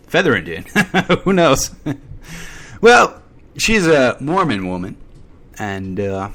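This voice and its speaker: Gossipy internet radio man, lively pitch. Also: takes it slowly, pauses often. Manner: irreverent, gossipy, mock-dramatic asides. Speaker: internet radio show host. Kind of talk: casual rambling monologue. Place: at home during a thunderstorm.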